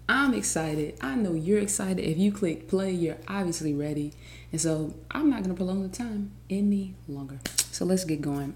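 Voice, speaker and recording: A woman hosting a faith podcast, energetic and chatty, teaching from scripture with excited exclamations. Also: deep voice, a little hiss or hum. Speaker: podcast host. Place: home studio on camera.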